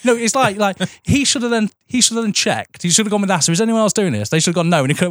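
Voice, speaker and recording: A man co-hosting a casual film podcast, swearing freely, laughing often and cracking quick mocking jokes. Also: high voice, animated, noisy background. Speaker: podcast co-host. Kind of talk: casual film review chat.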